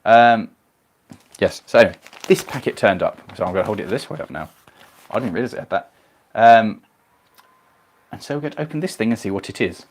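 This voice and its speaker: Husky-voiced, low man. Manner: rambling, self-deprecating. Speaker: host of a live stream. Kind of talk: casual live stream chat, reading viewer comments.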